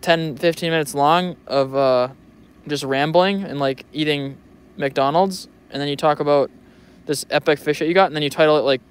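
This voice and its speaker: A man's voice: on the high side, steady tone, normal speed, clear, resonant tone. A young man vlogging in a casual, joking, rambling way who swears freely. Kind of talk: casual rambling vlog commentary.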